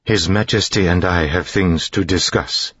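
Man reading as a calm, businesslike older woman scholar. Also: low-pitched, measured pace, slightly rough, dry recording, lo-fi sound, pitched above the performer's own voice, exaggerated voice. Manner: lightly accented, businesslike. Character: middle-aged woman scholar, calm and firm.

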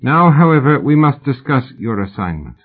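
A man voicing a wealthy old male collector, measured and formal, with a tinny, phone-like sound. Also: mid-range voice, sing-song, breathy edge, pitched above the performer's own voice. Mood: cold.

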